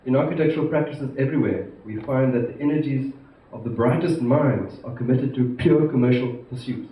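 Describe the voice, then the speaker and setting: South african guy giving a formal speech at a conference, stresses words, muffled sound with faint hiss. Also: medium pitch. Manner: measured, emphatic, stresses key words. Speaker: institute president giving a conference address. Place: large conference hall. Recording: echoey hall, distant mic, muffled, faint hiss.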